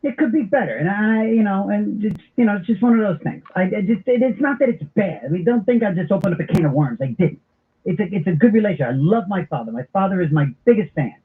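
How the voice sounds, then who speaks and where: A middle-aged man hosting a talk radio show, telling stories in an animated, comic way. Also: high voice, fast talker. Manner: animated storyteller with comic impressions. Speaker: radio host. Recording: tinny phone-like broadcast audio.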